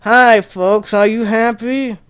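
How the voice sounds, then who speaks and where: A man imitating a mild-mannered male cartoon basset hound in a slow, drawling voice. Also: fairly even intonation, a bit bright, clear, resonant tone, no echo, clean studio sound.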